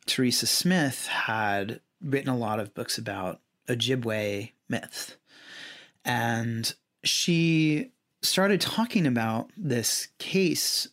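Man telling a story with halting restarts. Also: medium pitch, a bit bright. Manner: halting, with frequent restarts and trailing asides. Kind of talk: casual conversational storytelling.

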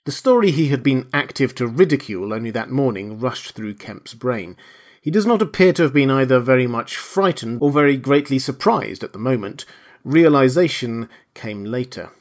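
A man narrating a classic novel aloud, measured and letting his voice fall quietly at the end of each phrase. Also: medium pitch, expressive. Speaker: audiobook narrator. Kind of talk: scripted narration.

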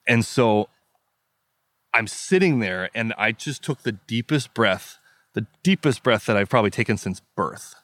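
Low-voiced man telling a vivid story. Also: animated, a little slow, fairly bright tone, dry recording, clean studio sound. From US Midwest. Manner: vivid, emphatic retelling with acted-out inner quotes. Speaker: guest telling a hiking story. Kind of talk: storytelling in a podcast interview.

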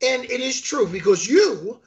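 A man co-hosting a talk show, chatting casually in a rambling, animated way and swearing freely. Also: extremely high pitch, unhurried, creaky, highs cut off. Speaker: podcast co-host. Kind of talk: casual chat.

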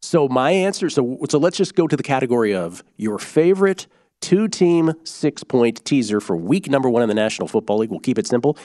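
A man hosting a sports betting podcast, explaining bets in an animated, casual way with quick asides. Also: medium pitch, no room sound, studio quality.

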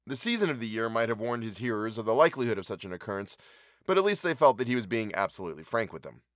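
A man reading a classic short story aloud, measured and wry. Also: mid-range voice, a bit bright, dry recording, studio quality. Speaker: narrator.

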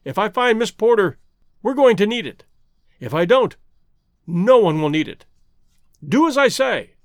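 A man voicing a commanding black-haired giant of a man, forceful and barking orders. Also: sits high, sing-song, unhurried, dry recording, clean studio sound, exaggerated voice. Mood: urgent commanding.

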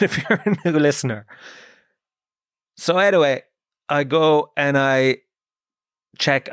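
A man's voice: on the high side, fairly bright tone, dry recording, studio quality. A man hosting a podcast, telling a rambling, self-mocking story in casual chat and swearing freely. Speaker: podcast host.

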